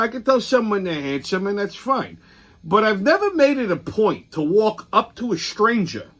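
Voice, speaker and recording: A middle-aged man hosting his own show, telling profane, blunt stories in a casual monologue. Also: a little high. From Sicilian heritage. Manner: profane, blunt, animated storyteller. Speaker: host.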